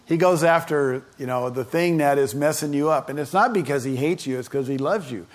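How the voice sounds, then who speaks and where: A man delivers a sermon in a loose, conversational style, full of asides to the people in front of him. His voice sits a touch high for a man. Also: brisk. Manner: conversational, folksy preaching with asides to the congregation. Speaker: preacher.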